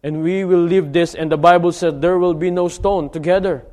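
A man preaching a sermon, exhorting his listeners and building to loud, repeated calls to action. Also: sits high, fairly even intonation, normal speed. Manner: exhortative, rising to near-shouting climaxes, repetitive.

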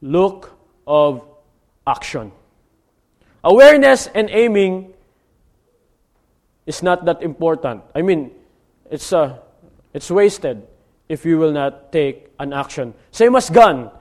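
A man preaching a sermon, exhorting his listeners and building to loud, repeated calls to action. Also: fairly high pitch, lively intonation, slow pace, pauses often. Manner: exhortative, rising to near-shouting climaxes, repetitive.

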